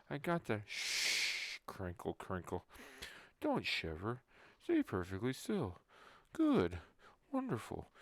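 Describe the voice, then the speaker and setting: A man voicing a creepy male ear-cleaner who pulls bugs out of ears. It is a whispered role-play, and he says the sound effects aloud in a hushed voice. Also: medium pitch, no room sound, full character voice.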